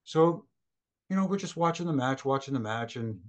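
Middle-aged male guest, storyteller energy, does quick voices for the people in his stories. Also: mid-range voice. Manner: animated anecdotes, acts out quoted voices. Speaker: former wrestling referee, guest. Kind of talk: storytelling in a casual interview.

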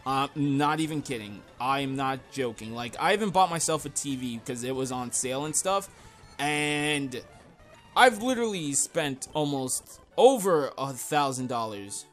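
Rambling young gaming host. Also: male voice, mid-range voice, lively intonation, a little slow, soft background music. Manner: rambling, self-deprecating, yells at the game. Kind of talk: casual game commentary.

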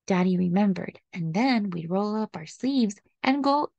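Gentle, expressive woman reading a children's storybook aloud; slight vocal fry, dry close recording. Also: mid-range voice, a little slow, no room sound, dull audio. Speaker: storybook reader.

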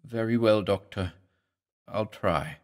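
A terrified woman nurse whose pleas come out halting and stammering, as a male narrator puts her on. The voice climbs high and lively with fear. It trembles at the edge of tears. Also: heavily acted. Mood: resigned.

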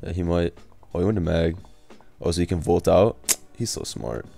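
Young male streamer, low gravelly voice, laid-back trash talk, faint music behind. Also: expressive, normal speed, warm tone. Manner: laid-back, swearing, laughing, trash-talking. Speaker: gaming streamer. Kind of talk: casual live commentary over gameplay.

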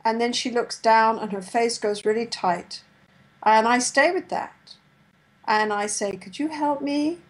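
A middle-aged woman giving a lecture on couple therapy, sometimes acting out therapist and client lines in a gentle voice. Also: fairly high pitch, unhurried, low-quality recording. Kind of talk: lecture with role-played therapy dialogue.

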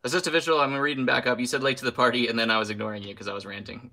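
A man's voice: mid-range voice, fairly even intonation, racing, few pauses, pushed and bright. A young man hosting a casual live stream, ranting with heat, then apologizing with a laugh and reading out viewer names. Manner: reads viewer names aloud.

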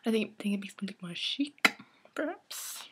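A woman's voice: mid-range voice, expressive, moderate pace. A teenage girl vlogging casually to her camera, rambling and giggly, often dropping into a whisper. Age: teens.

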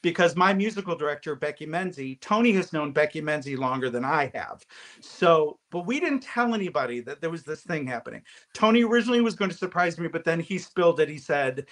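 A man's voice: on the high side, animated, fairly quick, a bit bright. A middle-aged man speaking in a casual interview, recalling memories with heartfelt feeling. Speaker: guest actor.

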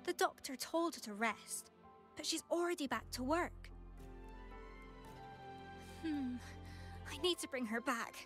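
A woman's voice: high voice, unhurried, long pauses, music in the background. A woman voicing an upbeat young female delivery team captain in a game, friendly and chatty. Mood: worried. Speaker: game character. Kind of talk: game voice acting.

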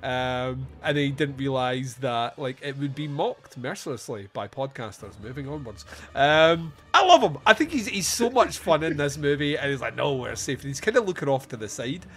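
A man hosting a casual film review podcast, animated and quick to laugh, acting out lines from the movie. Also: medium pitch. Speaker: podcast host.

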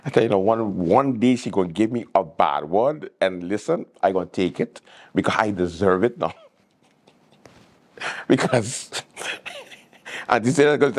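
A man's voice: on the low side, animated, moderate pace, pauses often. A man hosting a late-night show, teasing people in a comic monologue. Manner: teasing, joking.

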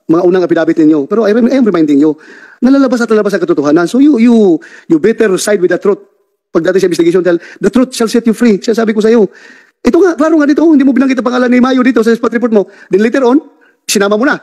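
A man chairs a hearing and grills a witness in a stern, pressing manner. He talks quickly, and his voice runs higher than most men's as he lectures and demands answers. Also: warm tone. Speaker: committee chair questioning witnesses. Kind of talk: hearing interrogation. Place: hearing room.

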